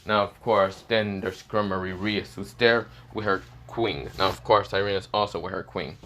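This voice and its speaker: Male storyteller, lowish voice, rambling improvised narration with constant fillers. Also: fairly even intonation, normal speed, a bit bright, a little hiss or hum. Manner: rambling, full of fillers and self-corrections. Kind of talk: improvised fan-fiction narration.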